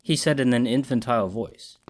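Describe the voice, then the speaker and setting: A man giving a scripted horror story narration in a measured, dramatic storytelling manner. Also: medium pitch.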